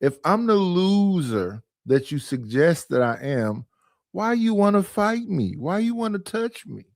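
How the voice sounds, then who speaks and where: Guy ranting on his stream at home, aave, kinda high voice, dry mic, exasperated and cussing. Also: sing-song, unhurried, no echo. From Oakland, California. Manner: exasperated, rhetorical, profane. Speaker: livestream host. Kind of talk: casual livestream rant. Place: his living room.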